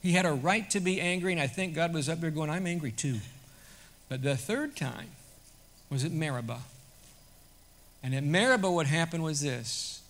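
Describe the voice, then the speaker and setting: A male pastor delivers a sermon in a bright, slightly high voice. He talks in a conversational way, then builds to loud, emphatic peaks. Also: animated, moderate pace.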